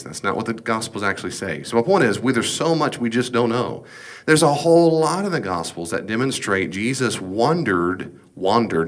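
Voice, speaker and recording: A man's voice: on the low side, a bit bright. A man teaching a Bible study as pastor, talking emphatically and casually, full of rhetorical questions.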